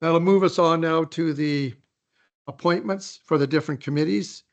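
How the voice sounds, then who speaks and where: Man, council chair, formal procedural delivery, slightly raised pitch, council chamber. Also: creaky. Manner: procedural, measured, reads reports aloud. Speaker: mayor chairing council meeting.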